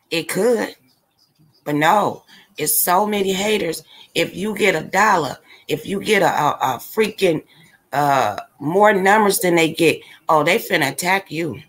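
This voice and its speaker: A woman's voice: lowish voice, measured pace, pauses often. A woman hosting a casual livestream, ranting bluntly and with exasperation straight to her viewers. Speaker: livestream commentator.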